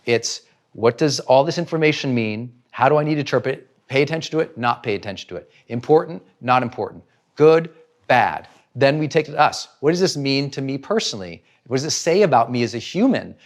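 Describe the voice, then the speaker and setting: A man's voice: mid-range voice, lively intonation, a little fast. A middle-aged man, a personal growth trainer, giving a motivational talk, full of rhetorical questions and acted-out inner voices.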